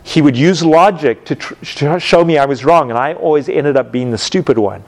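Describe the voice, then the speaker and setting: Guy teaching a bible class, bit high voice, acts out little scenes, asks the room questions. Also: moderate pace. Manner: animated storytelling, acts out scenes with sound effects.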